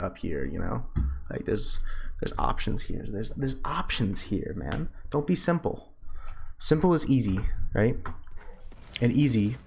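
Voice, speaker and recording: A young man talks through gameplay in loose, casual stream commentary. He is blunt and profane, with a medium-pitched voice. A faint hiss of noise sits under the recording. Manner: blunt, profane, bursts into high-pitched laughter. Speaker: coach reviewing gameplay.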